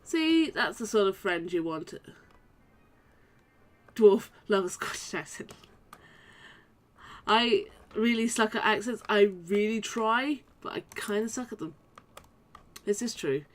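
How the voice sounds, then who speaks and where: A woman's voice: mid-range voice, expressive, slow, long pauses. Chatty young woman gamer commentating. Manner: chatty, rambling, many "like"s and restarts. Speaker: gamer playing a role-playing game. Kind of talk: casual let's-play commentary.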